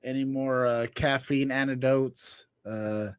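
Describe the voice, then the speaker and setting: Man, podcast co-host, crude teasing banter, slow unhurried delivery, middle pitch. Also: steady tone, smooth, no echo, studio quality. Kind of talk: casual comedic chat.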